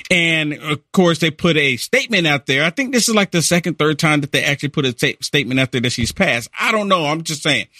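Guy, high bright voice, animated talk-show banter, dry close mic. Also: a little fast, few pauses, no room sound. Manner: animated, laughs often, acts out quotes with rising pitch. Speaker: political commentary co-host. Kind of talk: casual political talk show chat.

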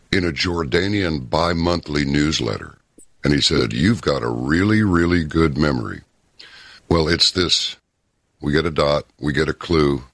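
Man, very low voice, husky, talk show host, storytelling, opinionated. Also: fairly bright tone, no echo, clean studio sound. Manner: folksy, opinionated, storytelling with pauses. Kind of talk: casual talk radio commentary.

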